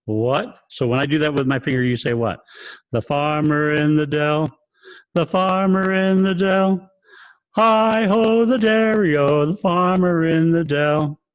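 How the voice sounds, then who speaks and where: Speaking at medium pitch over a video call with no echo, a male choir director leads an online rehearsal. His lecture is full of rhetorical questions, sung examples, and frequent chuckles.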